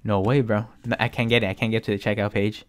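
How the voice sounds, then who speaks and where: A young man giving casual live commentary to his viewers, excitable and full of slang and swearing. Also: on the low side, fast talker, clear, resonant tone. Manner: excitable, swears a lot, keeps saying "bro". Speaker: streetwear vlogger.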